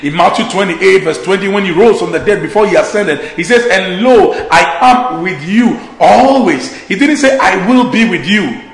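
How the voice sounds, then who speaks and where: A man preaching a sermon, exhorting his listeners and slowing down to draw out the scripture verses. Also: high voice, roomy sound, low-quality recording. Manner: exhorting, slows to a drawl on scripture.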